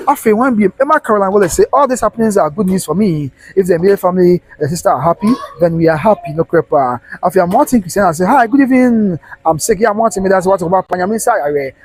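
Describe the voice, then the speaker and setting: Fast-talking husky man. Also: high voice, no room sound, rough recording. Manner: animated, preachy, mixes Twi and English. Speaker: live stream host. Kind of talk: live news commentary with preaching.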